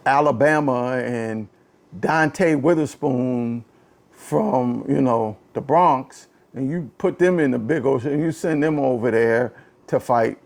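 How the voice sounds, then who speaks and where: A man hosting a casual political talk show, ranting in an animated, exasperated way, often repeating phrases and swinging from low muttering to a raised voice. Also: takes it slowly. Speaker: podcast host. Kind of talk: casual political commentary rant.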